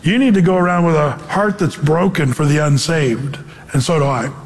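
A pastor delivers a sermon in a fairly high male voice, animated and performing the voices of those he quotes. He speaks at a normal pace, and the sound carries the feel of a big room.

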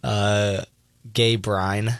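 A young man with a lowish voice co-hosts a radio show, chatting loosely and scattering "like" through his sentences. The recording is close and dry. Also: little pitch movement, no echo. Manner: chatty, many likes, quick to laugh off. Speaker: radio co-host. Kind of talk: casual radio chat.

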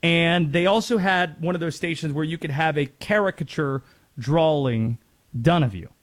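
A man's voice: on the high side, moderate pace. A man from North Carolina hosting sports talk radio in a chatty way, laughing easily and wandering into asides.

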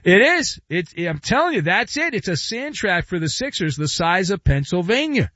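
A man's voice: sits high, big pitch swings, normal speed, bright, forceful tone, no echo. A man hosting a sports talk radio show, riffing in a sarcastic, mock-dramatic way into a studio microphone. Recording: dull, dry studio sound.

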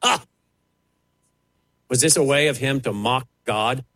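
A man's voice: mid-range voice, moderate pace, fairly bright tone, rough recording. A man preaching, fiery and emphatic, mocking the voices he quotes. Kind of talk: preaching sermon.

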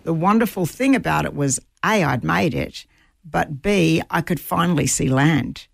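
A woman's voice: low-pitched, moderate pace, gravelly, slightly rough. A woman guest earnestly recounting a personal ordeal at sea, a vivid storyteller who repeats phrases for effect.

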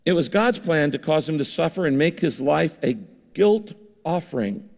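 A man's voice: fairly high pitch, lively intonation, normal speed, gravelly. An older man preaching a sermon as pastor, conversational, acting out the voices of people he quotes. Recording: reverberant hall.

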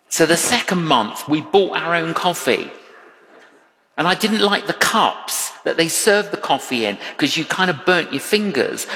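A man preaching a sermon, telling a personal story with lively acted-out quotes. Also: on the high side, slight background noise. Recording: long hall reverb.

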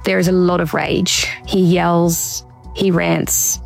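A woman speaks in an earnest, measured way as a guest, her voice carrying a gravelly creak. She pauses and restarts as she works through her account. Faint music sits underneath. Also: fairly low pitch, fairly even intonation. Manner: measured, reflective, occasional restarts. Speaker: interview guest. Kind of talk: earnest personal account in conversation.

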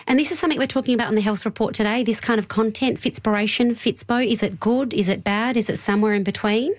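A woman hosting a radio health show, explaining news clearly and laughing easily. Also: a little high, quick pace. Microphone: studio mic.

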